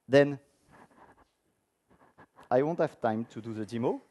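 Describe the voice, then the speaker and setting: A man with a mid-range, darkish voice presents a technical conference talk, moving a little slowly. He runs a live demo in front of an audience in a conference room, keeping it informal and asking them questions.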